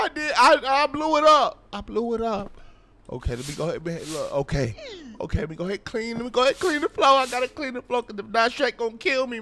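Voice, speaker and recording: A man hosting a horror gaming video, joking loudly and often shouting with excitement. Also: very high-pitched, slight background noise. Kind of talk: horror game commentary.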